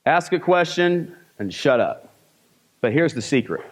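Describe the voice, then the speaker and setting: A man's voice: a little high, very animated, a little slow. Punchy man coaching a seminar crowd. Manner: coaching with rhetorical questions, punchy commands. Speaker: sales trainer. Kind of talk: live seminar teaching.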